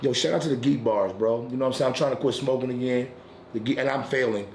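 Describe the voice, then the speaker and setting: A man hosting his weekly smoke-session stream, telling a wild story in a casual, profane, animated way from home. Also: mid-range voice, fast, echoey room, a little hiss or hum. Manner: profane, animated storyteller who turns loud and excited at the climax. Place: at home in a residential area.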